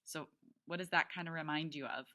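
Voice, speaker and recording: A woman teacher reads a novel aloud to her class. She stops often to explain words and to check that the students understand. Her voice is low and bright, with a crisp edge. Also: fairly even intonation, brisk.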